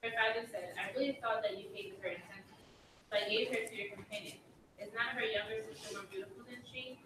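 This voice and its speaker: A woman from the class reading scripture aloud in a steady, careful way. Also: on the high side, quick pace. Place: church classroom. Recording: distant, echoey room with noise.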